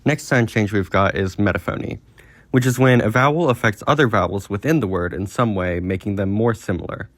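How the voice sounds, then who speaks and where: A man narrating a scripted educational video on linguistics in a measured, explanatory way. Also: fairly low pitch, no room sound.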